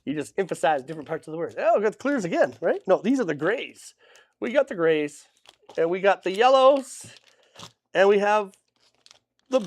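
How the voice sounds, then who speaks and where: A man's voice: sits high, no echo. A man hosting a live stream from his small hobby shop, running through new products in a casual, hype-filled way with goofy jokes on the side. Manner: upbeat and hype-driven, with goofy joking asides. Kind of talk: casual livestream product rundown. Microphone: camera mic, facing a monitor.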